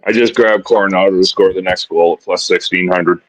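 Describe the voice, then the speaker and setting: A man on a live hockey betting show, chatting casually and excitably, often repeating his words as he starts a thought. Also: low voice, brisk, no room sound, low-quality recording. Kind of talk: casual live-stream chat.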